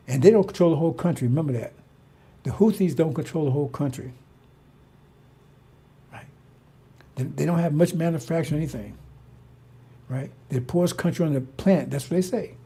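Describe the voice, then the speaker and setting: A man's voice: a little high, a little fast, pauses often, warm tone, slightly rough. A middle-aged man giving a casual preaching monologue as a religious commentator, rambling and repetitive, blunt and profane.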